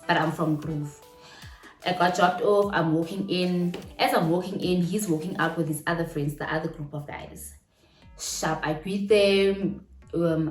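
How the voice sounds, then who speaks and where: A South African woman in her twenties telling a story from her own life in a chatty, animated vlog, mixing slang and local phrases into her talk. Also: fairly low pitch. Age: 20s. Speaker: vlogger. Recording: roomy room with faint music behind.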